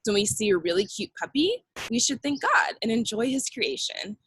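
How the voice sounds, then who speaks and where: Young woman doing a kids church lesson, husky voice, dry close sound, upbeat and simple. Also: on the high side, sing-song, moderate pace, a bit bright, no room sound, low-quality recording. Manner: upbeat, simple and repetitive for children. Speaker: children's ministry teacher.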